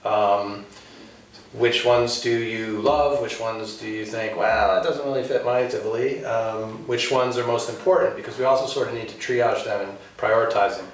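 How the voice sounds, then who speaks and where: A man giving announcements at a village board meeting, speaking in a halting way with many ums and uhs. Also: lowish voice, fairly even intonation, slight background noise. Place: village hall meeting room. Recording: echoey room, distant mic.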